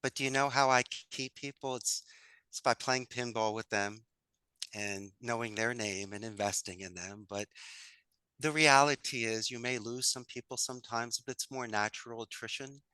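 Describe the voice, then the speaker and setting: A man's voice: medium pitch, moderate pace, pushed and bright, clear, resonant tone, dry recording. A man talking as an interview guest about running his business and giving motivational advice, with an enthusiastic, coaching manner. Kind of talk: casual interview chat.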